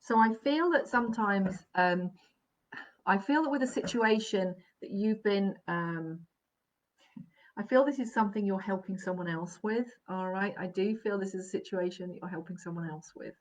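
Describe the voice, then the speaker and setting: A woman giving a live psychic reading, gentle and reassuring, often checking in and laughing softly. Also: medium pitch, normal speed. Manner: gentle, reassuring, keeps checking in with "all right?" and "okay?"; laughs softly between sentences. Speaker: psychic medium. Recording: dull, lo-fi live stream audio.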